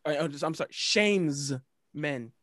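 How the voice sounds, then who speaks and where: A man's voice: fairly high pitch, measured pace, fairly bright tone, no echo, studio quality. A man co-hosting a podcast, making emphatic points in casual chat and often repeating himself.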